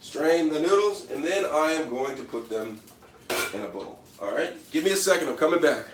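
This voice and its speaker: A man's voice: medium pitch, animated, a little fast, background noise. A man hosting a parody cooking video in his kitchen, boasting and talking straight to viewers with repeated catchphrases. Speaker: comedic cooking vlogger. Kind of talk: deadpan parody cooking show. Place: home kitchen.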